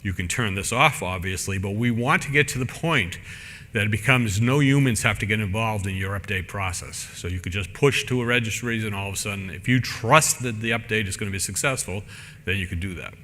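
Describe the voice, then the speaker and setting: A man's voice: on the low side, brisk, sharp tone, big-room sound. A man giving a technical conference talk in a casual, rambling way, full of fillers and restarts. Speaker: conference speaker. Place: conference room.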